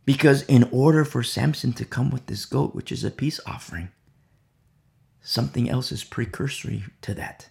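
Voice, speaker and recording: This Bible teacher's sermon is delivered at a moderate pace in a medium-pitched voice with vocal fry. He echoes key phrases, poses "You see?" to listeners, and alternates between forceful emphasis and soft asides.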